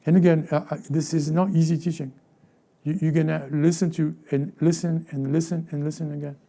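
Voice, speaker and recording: A pastor with a highish, flat, mellow voice and some vocal fry preaches a little fast in a church sanctuary. He keeps questioning the congregation, acts out small quoted voices, and often repeats words or restarts phrases.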